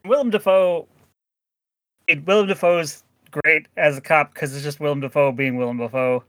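A man's voice: a little high, fairly even intonation, normal speed, a bit bright, no echo. A man chatting casually as a podcast co-host, rambling with many restarts and frequent laughs. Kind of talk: casual chat.

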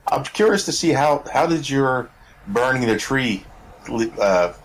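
A man's voice: mid-range voice, animated, unhurried, low-quality recording. A man co-hosting a podcast, chatting hesitantly about a video game with many fillers. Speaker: podcast co-host.

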